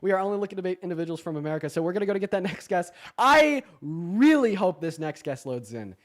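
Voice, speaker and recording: A young man hosting a casual livestream debate, talking fast with lots of fillers and swearing. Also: sits high.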